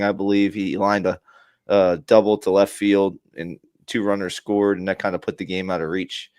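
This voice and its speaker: Male co-host, low voice, dry close sound, relaxed sports chat. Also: clear, resonant tone, no room sound. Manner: easygoing, upbeat. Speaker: podcast co-host.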